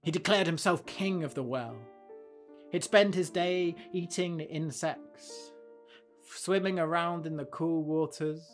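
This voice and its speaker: A man hosting a podcast, telling a fable and then reflecting on it in a gentle, thoughtful way. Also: on the high side, unhurried, soft background music. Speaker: podcast host. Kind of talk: storytelling and reflective commentary.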